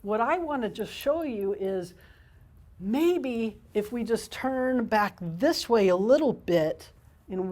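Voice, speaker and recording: A woman's voice: medium pitch, mellow. A woman counselor and parent trainer giving a parenting workshop talk, speaking conversationally and often checking in with "okay?".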